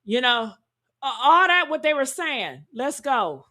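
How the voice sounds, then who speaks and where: A woman giving heated, profane reaction commentary, talking loudly and indignantly and calling out to her viewers. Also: high-pitched, sing-song, measured pace. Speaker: commentary streamer.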